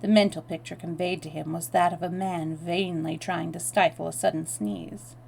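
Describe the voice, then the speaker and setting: A woman's voice: fairly low pitch, steady tone, moderate pace, gravelly, a little mellow, slight background noise, low-quality recording. A woman reading a novel aloud on a live stream, with chatty asides to her viewers. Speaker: storytelling streamer.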